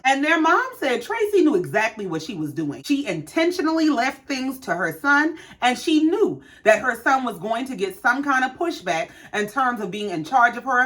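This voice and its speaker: Sassy woman recap host, animated delivery with a high, lively voice. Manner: sassy, animated, talks back to the people on the show. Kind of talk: casual commentary recap.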